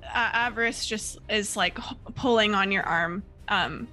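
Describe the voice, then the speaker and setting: A woman game master narrating a tabletop game, halting with many fillers. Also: medium pitch, sharp tone, faint music behind.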